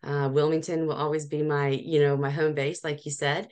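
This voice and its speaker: Woman in her forties, low voice, animated interview guest who laughs often. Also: moderate pace, smooth. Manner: animated storyteller, frequent laughs and restarts. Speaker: professional organizer, guest. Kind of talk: casual interview chat.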